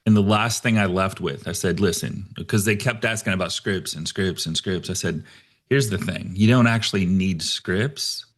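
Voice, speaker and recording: A man hosting a casual online show, relaxed and chatty, calling people bro and man. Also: deep voice. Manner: laid-back, says bro and man a lot, halting. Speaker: podcast host. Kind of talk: casual video call chat.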